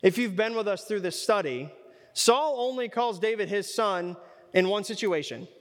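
High-voiced preacher in an echoing hall. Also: male voice, moderate pace. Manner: conversational, asks rhetorical questions. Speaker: preacher teaching a Bible study. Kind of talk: sermon.

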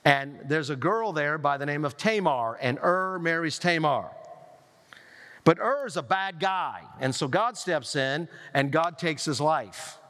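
Storytelling preacher in a reverberant hall. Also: male voice, a little high, a little slow. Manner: storytelling, lively retelling with quoted voices. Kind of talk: sermon. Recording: long reverb of a large hall.

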